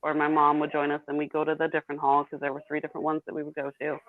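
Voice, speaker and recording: A woman's voice: sits low, monotone, rapid-fire, no room sound. Woman in her thirties, blunt emotional storytelling, tinny phone-like sound, dry close audio. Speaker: interview guest. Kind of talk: candid personal story.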